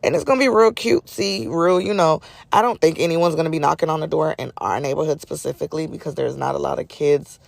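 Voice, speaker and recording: A woman's voice: low voice, fast talker, gravelly, few pauses, no echo. Chatty stuffy-nosed woman podcast host. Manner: chatty, conversational, folksy asides. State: stuffy nose. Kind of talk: casual solo podcast chat.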